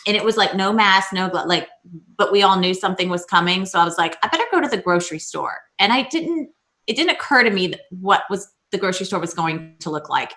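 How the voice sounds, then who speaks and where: Bright-voiced chatty woman telling a story. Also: mid-range voice, brisk. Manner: chatty storyteller, animated retelling with many restarts. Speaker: co-host. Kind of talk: casual video-call chat.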